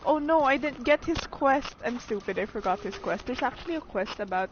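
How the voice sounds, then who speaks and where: A woman's voice: on the high side, animated, a little fast. A woman giving casual let's play commentary, laughing often and talking back to the game's characters. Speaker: gamer. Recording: dull lo-fi sound with clear background noise.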